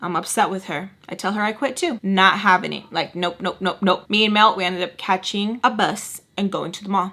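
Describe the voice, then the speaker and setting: A woman vlogger telling a dramatic personal story in a casual, slangy, animated way. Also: mid-range voice, moderate pace, hardly any pauses. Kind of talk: storytime vlog, casual chat.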